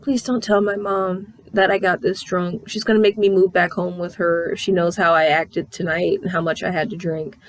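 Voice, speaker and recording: A woman voicing an embarrassed, tipsy young goddess pleading in a hushed voice. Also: fairly low pitch, little pitch movement, moderate pace, hardly any pauses, lightly acted, poor audio.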